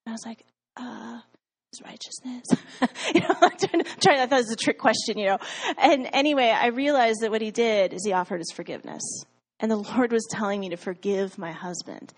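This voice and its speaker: A woman's voice: a little high, fast talker. A woman telling her faith story in a casual way, full of "like" fillers and frequent laughs, acting out what she said and thought back then. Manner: chatty, many "like" fillers, laughs often, acts out her own past lines. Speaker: guest sharing a personal faith testimony.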